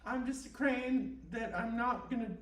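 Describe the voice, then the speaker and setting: A woman voicing a curt, defensive crane in a made-up guided meditation, speaking a little higher than her usual voice, recorded from afar in a roomy space. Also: unhurried, natural voice. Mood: reassuring. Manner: curt and defensive, then brushing it off. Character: blunt, touchy crane met on a river. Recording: roomy and distant, faint background noise.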